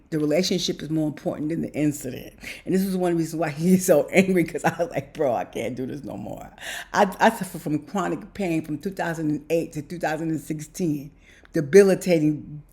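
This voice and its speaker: A woman talking to her viewers in a personal vlog, rambling and emotional, repeating herself and breaking into laughter mid-sentence. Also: low voice. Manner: talks straight to viewers as "you guys". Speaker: vlogger.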